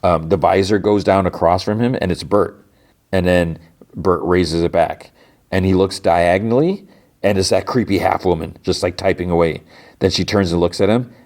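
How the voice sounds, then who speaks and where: A man's voice: sits low, a little mellow. A man hosting a podcast, retelling a TV episode in a rambling, casual way, full of fillers. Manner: rambling, heavy use of "like". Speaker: podcast host.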